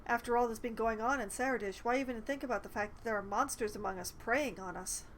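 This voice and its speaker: A woman's voice: fairly high pitch, quick pace, a little hiss or hum, natural voice, low-quality recording. A woman reading aloud the game dialogue of a frightened man who babbles anxiously about vampires hunting him.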